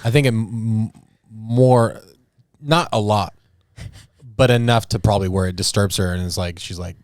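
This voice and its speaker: A man's voice: on the low side, normal speed, no echo, clean studio sound. A man co-hosting a podcast in casual chat, rambling and laughing easily. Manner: rambling, trails off and restarts often, laughs easily. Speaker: podcast co-host.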